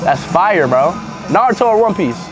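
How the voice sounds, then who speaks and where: Loud, excitable young American man. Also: sits high, normal speed, music in the background. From United States. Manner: loud, excitable, shouting bursts. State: sick with sore throat. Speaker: livestreamer vlogger. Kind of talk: casual street vlog. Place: outdoor city streets. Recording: noisy street background.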